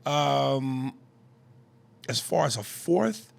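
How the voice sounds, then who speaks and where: A man's voice: mid-range voice, lively intonation, extremely slow, vocal fry. A man co-hosting a comedy podcast, chatting loosely and joking, reading out listener emails and answering them. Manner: loose, joking, puts on silly voices, reads listener emails. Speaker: podcast co-host. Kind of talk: casual comedy podcast chat.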